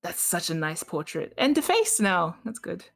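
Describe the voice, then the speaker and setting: A woman's voice: on the low side, big pitch swings, moderate pace, vocal fry, a bit bright, faint music behind. A woman playing in a tabletop game, chatting casually and joking with her group. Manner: playful and joking, laughs often. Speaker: player.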